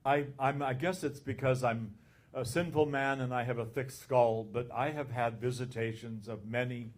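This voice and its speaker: A man who is an abbot, telling an anecdote in a conference talk and recounting the dialogue in an unhurried way. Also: mid-range voice, steady tone.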